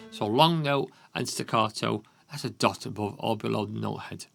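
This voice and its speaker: Speaking at normal speed in a lowish voice with vocal fry, a Yorkshire man walks a beginner through a piano lesson. He counts the beats out loud and checks in with lots of "okay?", while piano plays loudly underneath.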